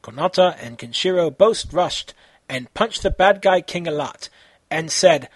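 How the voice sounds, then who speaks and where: A man reading his own fan fiction aloud in an amateur, halting way, with slips and self-corrections. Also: on the high side, expressive, breathy edge, no echo.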